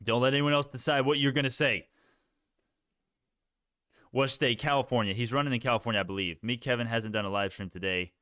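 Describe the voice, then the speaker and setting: A man's voice: mid-range voice, a little fast, long pauses, sharp tone, no echo, clean studio sound. A young man hosting a casual stock live stream, rambling, reading the chat and restarting sentences.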